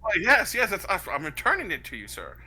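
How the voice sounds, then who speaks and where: Brief: man doing a twitchy, stuttering thief, animated and bright. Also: sits high, quick pace, husky, exaggerated voice. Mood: stammering. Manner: stammering, nervously polite. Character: jittery young male pickpocket. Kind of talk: tabletop role-play.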